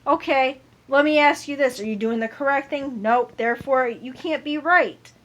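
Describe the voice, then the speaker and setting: A woman's voice: high voice, normal speed, a bit bright. A woman ranting to camera in a heated, profane monologue, repeating herself over and over.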